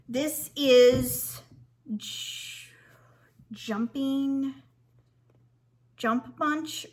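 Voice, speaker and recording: A woman's voice: a little high, bright, forceful tone. A woman who designs fabric and runs a shop, chatting casually to viewers with frequent ums and restarts.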